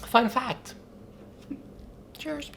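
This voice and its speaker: A young man with a bright, forward voice holds forth on camera during a drinking game. His talk is sassy, campy and irreverent. He sits in frame at home, with a faint hiss behind him. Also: extremely high pitch, very slow. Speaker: vlogger.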